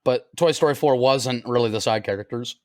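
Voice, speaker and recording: A man in his thirties chats on a podcast, breaking into laughter often and acting out scenes as he retells them. His voice sits at an ordinary middle pitch. The sound is dry and close. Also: brisk, a little mellow, dry recording. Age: 30s. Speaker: podcast co-host. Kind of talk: casual chat.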